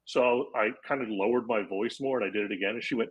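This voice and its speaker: A man's voice: lowish voice, fast talker, few pauses, slightly rough, poor audio. A man in his forties from Florida, a comedian guest on a podcast, telling a long anecdote and acting out quotes in casual chat. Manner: animated anecdote-telling with acted-out quotes and laughs.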